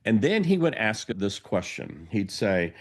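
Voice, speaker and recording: A man with a somewhat low voice hosts a podcast in a storytelling monologue. He tells an anecdote and briefly acts out the quoted lines of the people in it. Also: very animated, measured pace, slightly rough. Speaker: podcast host.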